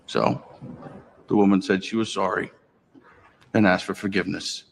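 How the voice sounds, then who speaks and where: A man narrating a story in a measured storytelling style, with dry, wry asides. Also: low voice, fairly even intonation, creaky, big-room sound.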